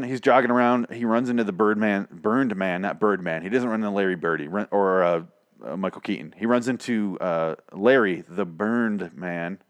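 Profane, excitable man recapping a show. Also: lowish voice, dry recording, studio quality. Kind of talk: casual spoken recap.

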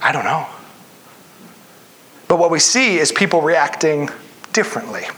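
A man's voice: a little high, very animated, a little slow, bright, forceful tone. A man preaching a sermon in an earnest way, reading scripture aloud and acting out the voices of people in the story. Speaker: pastor.

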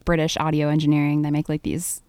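A woman with a fairly low voice talks casually as a podcast guest, laid-back and full of fillers. She is recorded close and dry, with no room around her. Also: completely flat delivery, fast, warm tone, clean tone, no room sound. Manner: laid-back, many fillers, laughs easily. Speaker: podcast guest, audio engineer. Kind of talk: casual chat.

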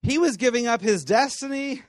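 A man teaching a class on the Bible, telling stories with animated voices and frequent laughs. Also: very high-pitched, moderate pace, dry recording, clean studio sound. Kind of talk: lively teaching talk to students.

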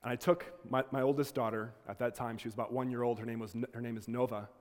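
A man's voice: medium pitch, steady tone, fast. Man, lecturer, earnest conversational storytelling, mid-range voice, long echoing hall reverb. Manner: earnest, conversational, frequent restarts.

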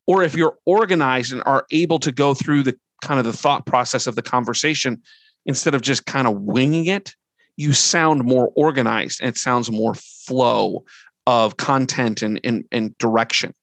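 A middle-aged man of average pitch gives a training talk in a relaxed, earnest way. He moves through his points one at a time. His voice is close and dry, with no room sound. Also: moderate pace, no echo. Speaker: presenter. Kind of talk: conversational training presentation.

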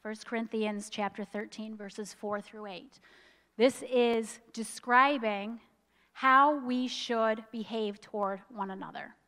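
Woman, preacher, sermon, emphatic storytelling, choked up with emotion, slightly high voice, long hall reverb. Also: steady tone, slow, fairly bright tone.

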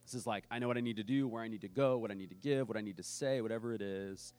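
A man's voice: fairly low pitch, racing, a little mellow. A man preaching a sermon as pastor, telling a story in a casual way and acting out the people he quotes.

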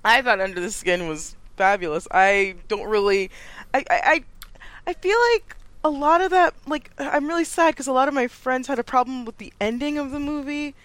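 A woman co-hosting a film podcast, enthusiastic and quick to laugh. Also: high-pitched, fairly bright tone, dry recording. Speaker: podcast co-host. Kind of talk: casual podcast chat.

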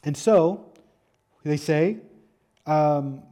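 A man's voice: fairly high pitch, normal speed. A man preaching a sermon, asking rhetorical questions, reading scripture and dropping casual asides. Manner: preaching with rhetorical questions, rising to loud emphatic peaks. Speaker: pastor.

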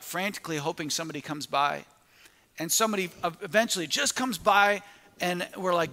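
A man's voice: sits high, pushed and bright, long reverb tail. A man preaching a sermon, telling a story with quoted asides and frequent restarts.

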